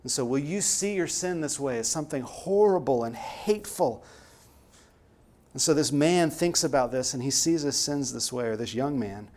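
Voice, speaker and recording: Man, preacher, sermon, emphatic, earnest, mid-pitched voice. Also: a little mellow. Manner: earnest, emphatic, rising to stress key words.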